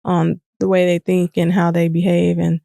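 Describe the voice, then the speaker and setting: A woman's voice: on the low side, normal speed, gravelly, no echo, studio quality. A woman co-hosting a podcast, talking candidly and reflectively in casual chat. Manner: candid, reflective, animated when retelling. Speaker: podcast co-host.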